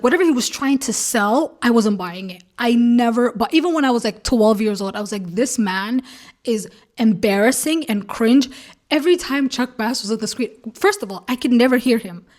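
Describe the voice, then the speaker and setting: A young woman vlogging in casual chat, ranting animatedly with lots of fillers and laughing asides. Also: a little high.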